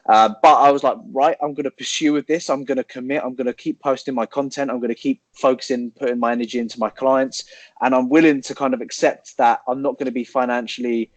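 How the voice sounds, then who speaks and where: A man in his twenties, a guest telling his story in relaxed casual chat, rambling and swearing. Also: mid-range voice, quick pace, no echo. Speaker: podcast guest, online coach. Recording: dull, dry lo-fi sound.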